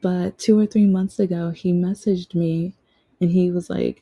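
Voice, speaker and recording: Woman podcaster, casual rambling monologue with restarts; low-ish, husky voice. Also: fairly even intonation, unhurried, mellow, no echo, rough recording. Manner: rambling, with frequent restarts and quoted dialogue. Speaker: podcast host.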